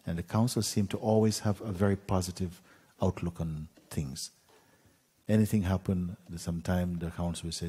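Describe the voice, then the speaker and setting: A man gently telling a parable as a spiritual teacher, unhurried, with pauses and soft fillers. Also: sits low, fairly even intonation, husky. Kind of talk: gentle spoken storytelling.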